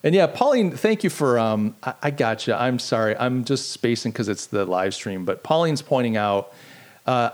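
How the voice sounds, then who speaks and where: A man's voice: lowish voice, animated, moderate pace. A middle-aged man hosting a live-streamed podcast, chatting casually, rambling and poking fun at himself while answering his live chat. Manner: rambling, self-deprecating, talks to live chat. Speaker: podcast host.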